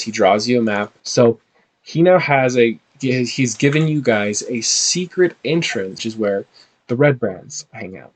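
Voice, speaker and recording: A man narrating a tabletop game as game master, animated and halting. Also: medium pitch.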